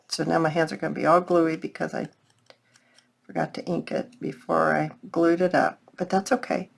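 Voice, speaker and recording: A woman's voice: low-pitched, level tone, normal speed, creaky. A woman chatting casually while working on a craft project, thinking aloud and talking to her viewers. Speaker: craft vlogger. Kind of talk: casual crafting tutorial chat.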